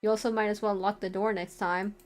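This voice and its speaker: A woman voicing a boisterous, teasing male friend from a visual novel, playful and loud. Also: medium pitch, little pitch movement, a little fast, soft background music, close to an everyday voice. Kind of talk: reading visual novel lines aloud.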